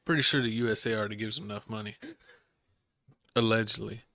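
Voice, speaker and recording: A man with a bright, forceful voice hosts a laid-back podcast chat. He was recorded close and dry, with no room sound. He explains things in a relaxed, teasing way. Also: on the low side, quick pace, no room sound. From Mexican-American family. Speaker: podcast host.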